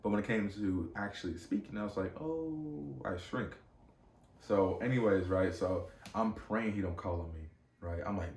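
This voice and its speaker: Young male podcast host, low voice, casual slangy storyteller, roomy off-mic sound. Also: normal speed, recorded from a distance. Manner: animated, slangy, many fillers and restarts. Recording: echoey room, off-mic.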